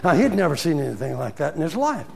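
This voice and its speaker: An older man preaching a sermon, telling a story with animated swings from loud to hushed. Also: fairly high pitch, fast, vocal fry.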